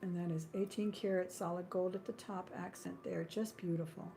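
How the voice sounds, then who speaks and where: Mellow-voiced woman selling jewelry live. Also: on the low side, fairly even intonation, moderate pace, creaky, a little hiss or hum. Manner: chatty and friendly, drifting into small talk and laughing often. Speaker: live-stream jewelry seller and host. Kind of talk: live-stream sales patter.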